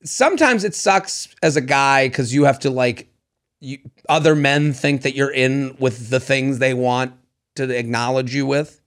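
A man's voice: mid-range voice, a little slow, a bit bright. A man co-hosting a casual dating podcast, playful and joking, slipping into silly bits. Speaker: podcast co-host. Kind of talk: casual chat.

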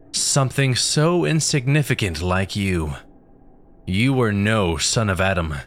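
A man voicing a cruel, skeletal, flesh-eating male demon with a booming, growling voice, speaking slowly and menacingly. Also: fairly bright tone.

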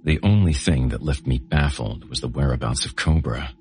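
A man with an extremely low, deep voice narrates a horror audiobook. His first-person delivery is gritty and menacing, and soft music plays under him. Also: moderate pace. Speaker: host and narrator.

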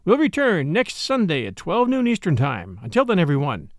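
A man narrating a classic novel as an audiobook, telling the story expressively. His voice sits high and swings widely in pitch. The sound is close and dry. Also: huge pitch swings, moderate pace, no room sound. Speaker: narrator and show host.

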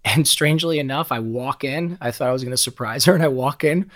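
A man's voice: medium pitch, fairly quick, a bit bright. A middle-aged man as a podcast guest, telling personal stories in a candid, emotional way, swearing freely and often repeating and restarting words. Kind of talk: candid conversational storytelling.

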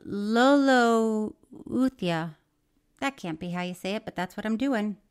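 A woman co-hosting a comedy podcast, chatting casually and reading listener mail aloud with a quick laugh. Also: mid-range voice, a little mellow. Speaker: podcast co-host.

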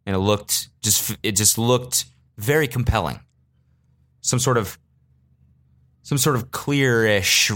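A young adult man hosting a solo podcast, telling comedic stories casually and profanely, bursting into animated rants. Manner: animated, swings into loud high-pitched rants when quoting himself. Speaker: podcast host.

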